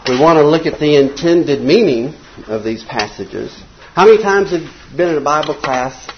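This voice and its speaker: An older man, teaching a casual Bible class in a small church classroom, folksy and conversational, reading quotes slowly. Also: on the high side, animated, dull audio, a little hiss or hum.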